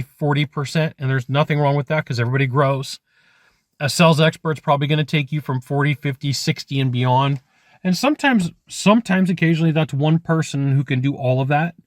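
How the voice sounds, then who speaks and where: A man's voice: mid-range voice, no room sound, studio quality. A man who works as a sales trainer, giving blunt, conversational coaching advice straight to the viewer. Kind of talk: direct-to-camera coaching talk.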